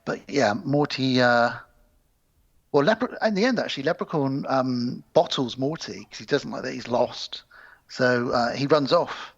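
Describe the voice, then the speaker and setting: A man of middle pitch co-hosting a casual film podcast. He retells the story scene by scene, slipping into quick character voices and casual swearing. The audio is a bit dull and lo-fi. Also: animated. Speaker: podcast co-host. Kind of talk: casual film review chat.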